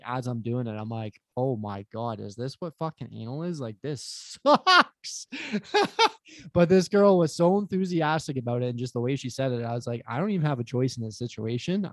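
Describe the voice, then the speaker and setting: A man's voice: mid-range voice, no echo. A young man chats on a podcast with a mid-range voice, recorded dry and close. He tells a crude story in a casual way, with plenty of swearing. He acts out what each person said. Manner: animated, profane, acts out quotes. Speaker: podcast guest.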